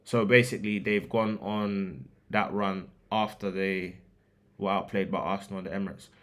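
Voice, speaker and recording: A man's voice: deep voice, steady tone, moderate pace, a bit bright. A man hosting a football podcast, reading match previews from a script with joking asides and restarts.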